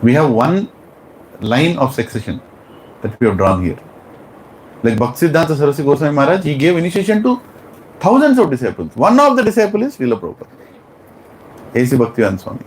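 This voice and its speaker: A man's voice: a little high, quick pace, long pauses, slight background noise, low-quality recording. A man with an Indian English accent teaching a spiritual class, telling stories animatedly and asking his students questions. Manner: animated, acts out characters, asks the class questions. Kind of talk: class lecture with storytelling.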